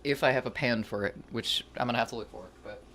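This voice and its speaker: A cooking streamer chats casually with viewers while cooking, rambling and joking about their own mistakes in a self-deprecating way. The voice is medium-pitched, fast and fairly bright, with a little hiss or hum in the background.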